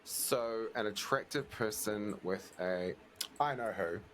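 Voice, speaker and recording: A man's voice: fairly low pitch, takes it slowly. A man co-hosting a casual podcast chat, laid-back and joking, with frequent chuckles. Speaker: podcast co-host.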